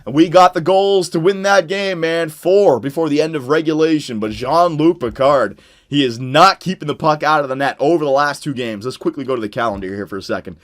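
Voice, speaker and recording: A young man commentating on his own hockey video game, swinging between loud excited shouts and low muttered talk, his voice worn out. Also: a little fast. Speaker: gaming YouTuber.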